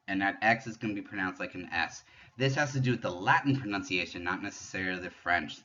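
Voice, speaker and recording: A man giving a patient pronunciation lesson, explaining French sounds step by step and demonstrating them slowly. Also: lowish voice, sharp tone, highs cut off. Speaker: French teacher.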